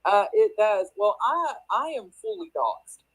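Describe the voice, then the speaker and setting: A woman's voice: medium pitch, animated, a little slow, slightly rough, poor audio. Chatty Appalachian Kentucky woman. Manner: chatty, laughs often, many restarts. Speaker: crypto project guest. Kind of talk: casual live audio chat. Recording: online audio space.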